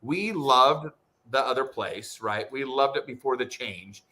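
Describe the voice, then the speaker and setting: A man hosting a casual livestream, chatting with viewers and greeting them in excited bursts. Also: medium pitch, measured pace. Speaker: livestream host.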